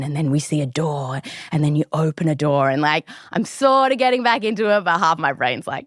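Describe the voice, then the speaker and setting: A woman's voice: deep voice, animated, moderate pace, no echo, studio quality. An Australian woman hosting a podcast, telling a story in a chatty way with plenty of fillers. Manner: chatty, lots of likes and ums. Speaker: podcast host. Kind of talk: conversational storytelling.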